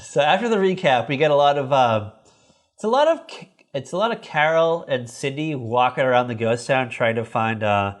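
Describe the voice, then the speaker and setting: A man's voice: lively intonation, normal speed. A man co-hosting a podcast, casually recapping an old sitcom episode in a rambling, profane way. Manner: rambling, profane, acts out characters in high voices. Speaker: podcast co-host.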